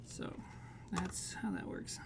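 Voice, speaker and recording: A man speaks slowly against a noisy background while hosting a livestream from his home kitchen. He bakes cookies and chats with viewers in a rambling, jokey manner, laughing and reading chat aloud.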